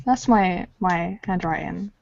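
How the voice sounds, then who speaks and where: A woman's voice: lowish voice, slow pace, vocal fry, a little mellow, muffled recording. Chatty woman artist, laughing podcast co-host. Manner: chatty, laughs often, trailing restarts. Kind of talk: casual chat while drawing.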